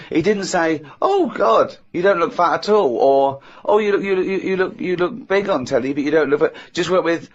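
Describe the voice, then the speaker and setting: A man co-hosting a radio show, telling a short anecdote in a wry, sarcastic way with quick laughs. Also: fairly high pitch, animated. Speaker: radio co-host. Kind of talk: casual radio chat. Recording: slightly muffled radio recording.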